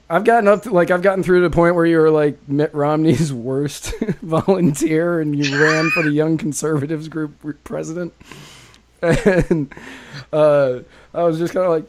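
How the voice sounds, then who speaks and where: A man hosting a podcast in a loose, casual chat. His voice is a little high, and he laughs often, in a playful way. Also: fairly even intonation, measured pace, bright, forceful tone. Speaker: podcast host.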